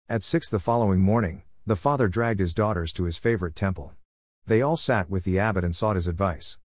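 A man reads a scripted story in a measured, even way. His voice sits low. The recording is dry and close, with no room sound. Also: dry recording.

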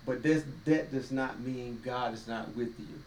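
On a relaxed faith podcast, a male co-host with a mid-range voice takes his time, speaking in a folksy, preachy style and quoting voices. Roomy echo, a distant mic, faint ambience, and slight background noise color the recording.

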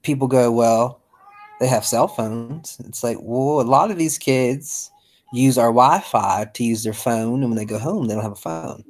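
A man's voice: mid-range voice, normal speed, low-quality recording. A man who teaches, talking casually as a podcast guest in a chatty, easygoing, modest way.

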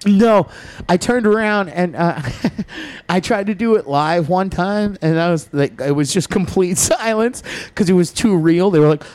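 A man's voice: high-pitched, a little slow, a little mellow, dry recording. A man guest on a podcast, telling a long story in a profane, rambling way and laughing as he goes.

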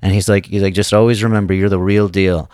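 Deep-voiced man telling a story haltingly. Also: little pitch movement, darkish tone, no echo, studio quality. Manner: halting, many restarts and fillers. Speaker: guest comedian. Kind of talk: casual podcast storytelling.

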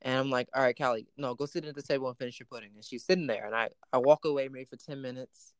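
A man's voice: mid-range voice, fairly even intonation, fast talker, clean tone, no echo. A man hosting a casual chat, telling a personal story with plenty of quoted dialogue.

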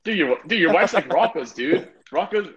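A man's voice: fairly high pitch, animated, normal speed, fairly bright tone, muffled recording, a little hiss or hum. Laid-back young man, dude-filled chat. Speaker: gaming friend. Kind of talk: casual chat.

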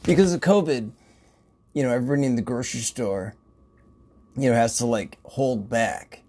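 A man's voice: mid-range voice, normal speed, mellow, breathy edge. A man who works in a grocery store, telling casual stories in a rambling way, swearing and laughing often. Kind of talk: casual storytelling.

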